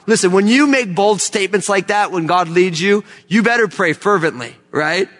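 A man's voice: high-pitched, normal speed, hardly any pauses, fairly bright tone. A man from the United States preaching a sermon, emphatic and fervent, with many rhetorical questions. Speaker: pastor. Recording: long hall reverb.

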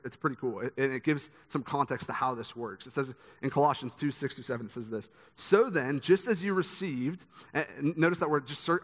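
A man's voice: medium pitch, fairly bright tone. A young man preaching a sermon, speaking conversationally with a lot of repeated words as he tells stories. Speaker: pastor. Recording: long hall reverb.

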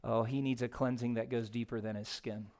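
A man preaching a sermon as pastor, moving between hushed and raised passages. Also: medium pitch, steady tone, a little fast.

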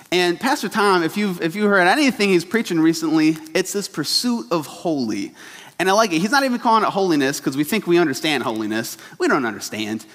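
A man's voice: sits high, a bit bright. A young man, a youth pastor, preaching a sermon in a church in a casual, laughing storytelling way. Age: young adult. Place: church sanctuary. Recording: hall reverb.

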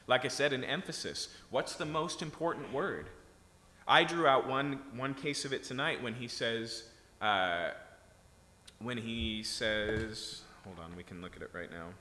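A man's voice: medium pitch, unhurried, sharp tone. A man preaching a sermon in a conversational way, often checking in with his listeners. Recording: echoey hall.

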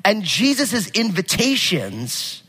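A male pastor preaching a sermon with animated, casual storytelling and jokes. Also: sits high, slow pace, husky. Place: church sanctuary. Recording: long hall reverb.

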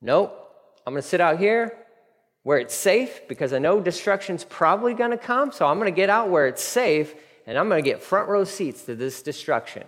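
A man's voice: high-pitched, very animated, moderate pace, fairly bright tone. A man preacher voicing a stubborn, defiant male prophet who sulks and stays out of the city. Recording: long hall reverb.

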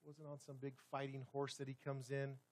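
A man preaching a sermon in a church sanctuary, swinging dramatically between loud, forceful passages and hushed ones. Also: medium pitch, completely flat delivery, normal speed. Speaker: pastor.

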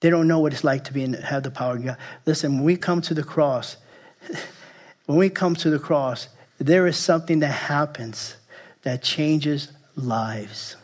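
A man preaching a sermon as pastor, emphatic and repetitive, often restarting phrases and sometimes dropping to a soft, intense tone. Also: on the high side, normal speed. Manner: repeats and restarts phrases, emphatic, jokes at himself.

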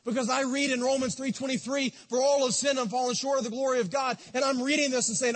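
A man preaching a sermon in a church, impassioned, swinging from loud to soft. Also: extremely high pitch, fairly even intonation, fast talker, few pauses. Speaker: pastor. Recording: long reverb of a church hall.

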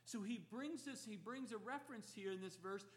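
A man's voice: high voice, a little fast. A man preaching an expository sermon, emphatic and repeating key phrases for effect. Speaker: pastor.

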